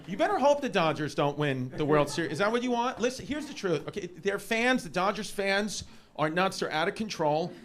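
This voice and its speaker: A man's voice: sits high, very animated, brisk. A man with a New York accent doing a brash, rambling stand-up set in a comedy club. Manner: rambling, brash, riffing on tangents. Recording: noisy club with roaring crowd. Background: loud audience laughter.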